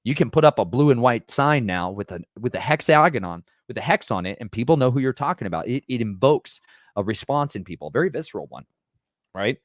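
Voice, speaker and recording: A man's voice: medium pitch, lively intonation, fairly quick, no echo, studio quality. A man casually retelling Bible stories, conversational and emphatic, often checking in with "right?". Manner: conversational, keeps asking "right?"; emphatic and dramatic. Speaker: podcast host.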